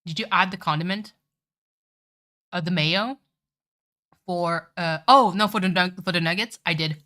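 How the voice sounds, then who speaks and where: Pitched on the lower side, this woman's voice has a sharp edge and moves at an ordinary speed. She's a talkative game streamer in casual live chat, full of swearing and "like."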